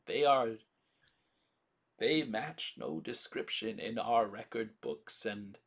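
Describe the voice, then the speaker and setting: A man voicing a frightened old village priest who speaks in halting, formal, archaic phrases. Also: medium pitch, vocal fry, slightly rough, heavily acted.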